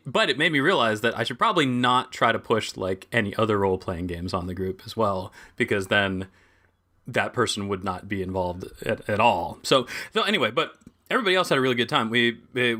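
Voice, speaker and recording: A man's voice: medium pitch, fairly quick, sharp tone. A man co-hosting a podcast, telling a story in a rambling way and laughing often. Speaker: podcast co-host. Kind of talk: casual chat.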